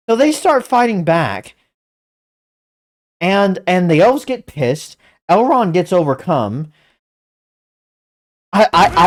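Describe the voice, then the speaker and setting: A woman hosting a reaction video, talking excitedly, stammering in disbelief and laughing as she comments. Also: fairly low pitch, slow pace, pauses often. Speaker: channel host.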